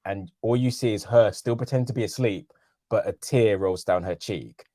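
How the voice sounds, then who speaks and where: A man's voice: lowish voice, moderate pace, warm tone, dry recording. A man in his thirties co-hosting a podcast, talking casually with sardonic, emphatic and incredulous rants. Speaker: podcast co-host. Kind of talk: casual chat.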